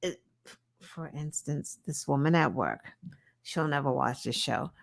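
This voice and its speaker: A woman's voice: sits low, a little slow, gravelly. A woman co-hosting a podcast, chatting casually and animatedly about politics. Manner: animated, mimics people she quotes. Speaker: podcast co-host.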